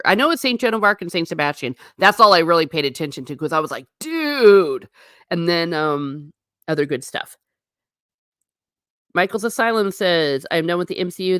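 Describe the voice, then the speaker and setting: A woman's voice: fairly low pitch, no echo, clean studio sound. Sarcastic woman hosting a casual livestream. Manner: animated and sarcastic, with blunt asides. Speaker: host. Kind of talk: casual livestream chat, reading viewer comments.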